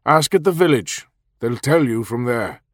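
A man's voice: medium pitch, expressive, moderate pace, dry recording, clean studio sound, pitched above the performer's own voice, close to an everyday voice. A man voicing a brusque middle-aged male Welsh bus driver with a lilting accent in an audiobook. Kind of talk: audiobook character voice.

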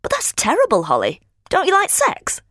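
A woman voicing Jeanie, a blunt and nosy woman best friend around forty, in a high, mocking voice. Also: moderate pace, dry recording, clean studio sound, heavily acted. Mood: teasing. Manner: high, lively, mocking delivery.

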